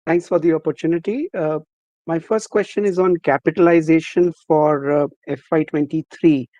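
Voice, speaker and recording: A man's voice: on the high side, fairly even intonation, moderate pace, mellow, dry recording, dull audio. A man, an analyst, methodically asking about capitalization plans on an earnings call.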